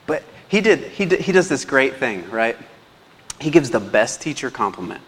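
A man's voice: medium pitch, expressive, moderate pace, fairly bright tone. A man who is a teacher, giving a casual slide presentation and checking in with his listeners often. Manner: chatty, checks in with the audience a lot. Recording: long hall reverb, faint background noise.

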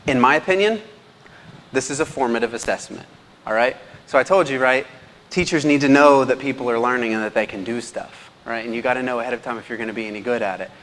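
Talking quickly in a mid-range, fairly bright voice, this male teacher keeps his slide presentation casual and chatty, regularly checking that his listeners are with him. The recording carries long hall reverb over faint background noise.

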